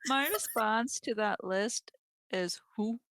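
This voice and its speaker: A woman's voice: a little high, slow, a bit bright, no echo. A woman co-hosting a casual podcast, hesitant and giggly. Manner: hesitant, giggly, self-deprecating. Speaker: podcast co-host.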